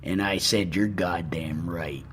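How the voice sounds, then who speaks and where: A man's voice: medium pitch, very animated, a bit bright, a little hiss or hum, exaggerated voice. A man doing a comedic impression of a blustering, patriotic rock-star father, hosting a podcast with rambling, self-righteous stories. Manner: rambling, self-righteous storytelling with slow pauses. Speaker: podcast host.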